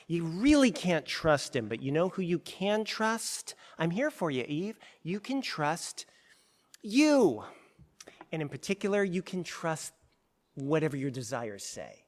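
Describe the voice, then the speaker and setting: A man voicing a sly male serpent tempter who talks in a hushed, coaxing, confiding way. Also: a little high, long reverb tail.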